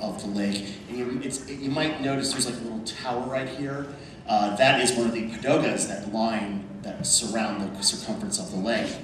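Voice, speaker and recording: A man speaking at a convention panel, telling a story over slides in an animated way and calling the audience "folks". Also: mid-range voice. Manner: animated, addresses the crowd as folks. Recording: echoey hall from far off, noisy.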